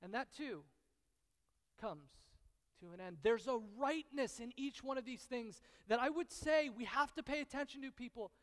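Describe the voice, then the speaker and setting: This sermon comes from a male pastor whose pitch sits extremely high, echoing through the long reverb of a big hall. His storytelling leans on repetition and dramatic pauses, shifting between quiet, intimate moments and loud, excited outbursts.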